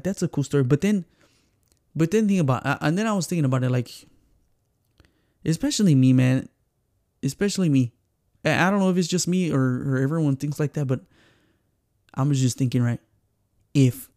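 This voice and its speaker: A man with a Mexican accent hosts a casual podcast, animated as he tells stories. His voice sits fairly high with a mellow, soft-edged tone. The sound is dry and close, with no room echo. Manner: animated storyteller who acts out quotes and slips into Spanish phrases. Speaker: podcast host. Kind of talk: casual chat.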